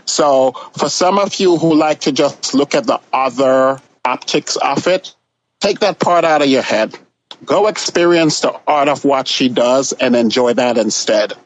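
A man's voice: medium pitch, a little slow, rough recording. Sassy, blunt man as a guest. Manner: sassy, blunt, with bold punchy advice. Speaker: podcast guest. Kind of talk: casual chat.

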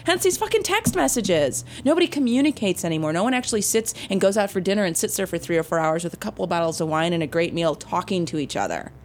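A woman, a guest musician chatting bluntly and excitably, cursing casually as she tells stories. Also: fairly low pitch, rapid-fire, few pauses, slight background noise. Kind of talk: casual chat.

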